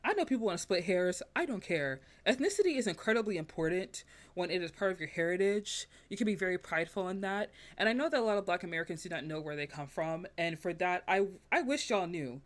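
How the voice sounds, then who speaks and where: A woman's voice: lowish voice, expressive, fast talker, few pauses. Fired-up woman critic on a podcast. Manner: passionate and emphatic, ranting opinions. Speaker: podcast guest, film critic. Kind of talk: casual podcast chat.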